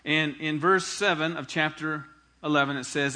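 Male pastor, animated sermon delivery, bright and somewhat high voice. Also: normal speed. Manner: animated preaching, acts out quoted dialogue.

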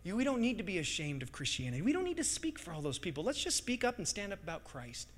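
A middle-aged man preaching a sermon as pastor, impassioned, swinging between hushed stretches and loud bursts. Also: high-pitched, wildly swooping pitch, fast. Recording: long hall reverb.

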